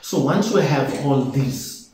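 Speaking slowly in a darkish, mid-range voice, this South African traditional healer casually shows how he brews at home. Each step comes with repeated phrases, recorded in a very echoey, bare room of the home he has just moved into.

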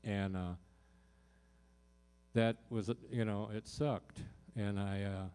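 A man with a lowish, mellow voice tells a personal story to a live audience from a concert stage. He talks loosely and from the heart, stacking up fillers and restarts as he goes. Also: fairly even intonation, slow, smooth. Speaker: singer-songwriter performing in concert.

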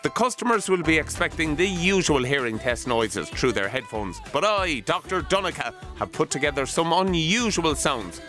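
A man's voice: on the high side, sing-song, normal speed, hardly any pauses, fairly bright tone, faint music behind. An Irish man giving a playful comic voice-over for a hidden camera prank. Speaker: prank show host narrating.

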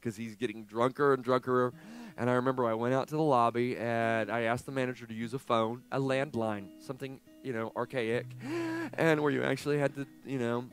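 A man's voice: mid-range voice, a little fast, clean tone. Man in his forties, storytelling pastor. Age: 40s. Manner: animated storyteller, swinging from hushed to loud. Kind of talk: sermon with a personal story. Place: church sanctuary.

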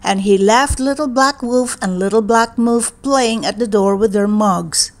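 A woman reading a children's picture book aloud in a gentle, expressive, deliberate way. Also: fairly high pitch. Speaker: read-aloud narrator.

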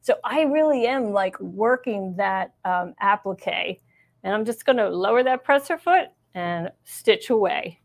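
A woman's voice: mid-range voice, expressive, unhurried, creaky. A middle-aged woman teaching a live machine embroidery demonstration, chatty and encouraging as she narrates each step. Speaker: embroidery instructor. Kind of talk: live-streamed sewing demonstration.

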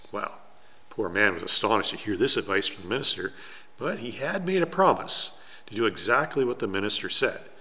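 A man preaching a sermon in a church, telling a story in an earnest, slow and deliberate way. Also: fairly low pitch, animated, sharp tone, big-room sound. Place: church sanctuary.

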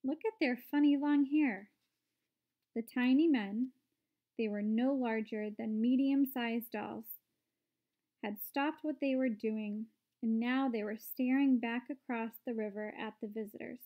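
A woman narrating a children's book aloud in a steady, clear way. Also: on the high side, measured pace, narrow, tinny audio. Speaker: storyteller. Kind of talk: read-aloud storybook narration.

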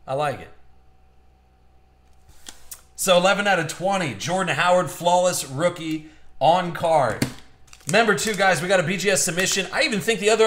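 A man with a high-sitting, fairly bright voice runs a live trading card box break, joking with viewers and staying upbeat and chatty as he opens packs. His streaming mic catches an echoey room and slight background noise.

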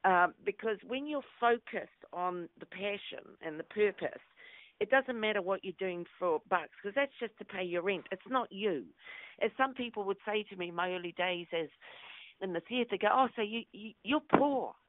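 Middle-aged New actress, storyteller guest, dry tinny phone-quality audio. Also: female voice, medium pitch, moderate pace, no echo. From New Zealand. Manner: lively anecdotal, acts out quotes. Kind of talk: interview storytelling.

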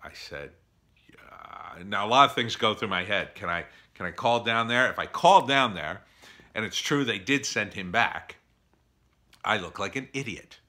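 A middle-aged man tells a story in a casual opinion monologue, with a rather low voice and a sharp, forceful, bright tone. He talks in an animated way and acts out both sides of the conversation in exasperated bursts. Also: normal speed. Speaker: former teacher telling an opinion story.

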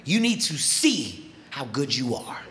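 A man voicing a gruff older male boxing trainer in a low, clipped, matter-of-fact way. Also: very animated, a little slow, a bit bright. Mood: assured.

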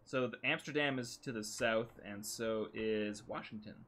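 A man's voice: on the low side, normal speed, fairly bright tone, faint music behind. A man in his thirties co-hosting a casual game livestream, joking and often trailing off mid-sentence. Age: 30s. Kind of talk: casual gaming stream chat.

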